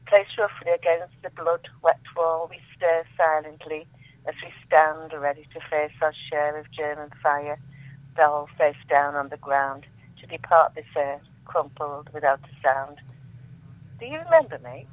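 Over a dry, tinny phone connection, a radio guest reads poetry she wrote herself. Her voice is low and unhurried, and she recites with emotion, letting repeated refrains rise.

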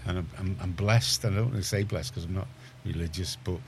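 A man's voice: sits low, fairly quick, slight background noise. A man with a Liverpool accent presenting community radio in a rambling, self-correcting casual chat.

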